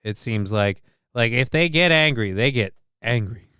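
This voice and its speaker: A man's voice: medium pitch, expressive, normal speed, sharp tone, smooth, no echo, studio quality. Crude, rambling male streamer. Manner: rambling, crude, reads out chat names. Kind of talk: casual live-stream commentary.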